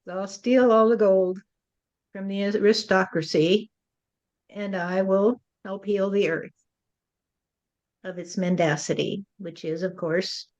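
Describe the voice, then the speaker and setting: A woman's voice: mid-range voice, fairly even intonation, takes it slowly, long pauses, darkish tone, muffled recording. A woman acting as a spirit medium, relaying channeled messages in a musing way and often tagging her lines with "you see.".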